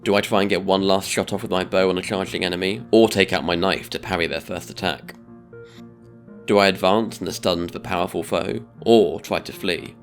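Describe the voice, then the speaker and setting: A man giving a scripted video-essay narration in a measured, deliberate way. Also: low-pitched, steady tone, faint music behind.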